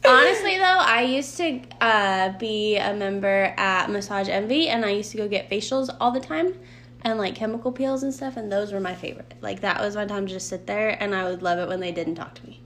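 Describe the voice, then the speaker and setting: A woman's voice: mid-range voice, a little fast, a bit bright, a little hiss or hum. A woman in her thirties co-hosting a casual podcast, blunt and chatty, swearing now and then. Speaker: podcast co-host. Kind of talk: casual chat.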